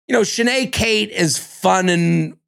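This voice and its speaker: A man co-hosting a podcast, chatting casually about a reality dating show, animated and cussing, now and then acting out cast members. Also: high-pitched, slow, creaky, clear, resonant tone. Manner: animated, swearing, acts out cast members in exaggerated voices. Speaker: podcast co-host. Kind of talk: casual reality-TV recap chat.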